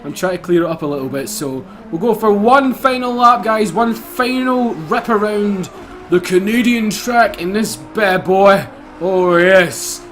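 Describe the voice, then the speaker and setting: Young scottish man, high voice, casual gameplay commentary, excitable, swears a lot. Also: moderate pace, soft background music. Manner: excitable, swears freely, laughs often. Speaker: gaming YouTuber.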